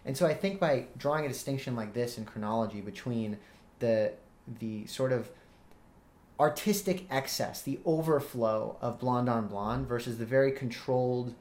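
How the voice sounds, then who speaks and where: A man's voice: medium pitch, normal speed, a little mellow. A young man in earnest analytical discussion, quoting lyrics with some hesitation. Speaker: student interviewer. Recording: roomy echo.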